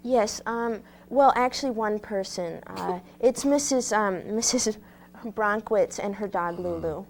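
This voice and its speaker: A woman's voice: medium pitch, unhurried, a little hiss or hum, close to an everyday voice. A woman playing an earnest, single, twenty-four-year-old zoo curator in a comedy sketch. She talks hesitantly, full of ums and restarts.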